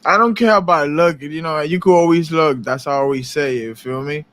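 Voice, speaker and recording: A young man co-hosts a casual podcast and talks in loose slang, going back over his points. His voice sits a little higher than most men's. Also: brisk, fairly bright tone. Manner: slangy, repeats himself. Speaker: co-host. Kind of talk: casual chat.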